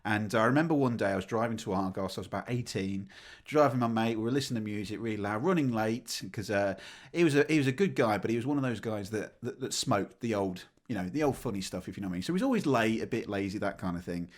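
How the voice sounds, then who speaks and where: A man, co-hosting a podcast, telling a story in casual chat with laughter and acted-out shouting. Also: lowish voice, fast talker. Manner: animated, laughs while telling, acts out shouting. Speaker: podcast co-host.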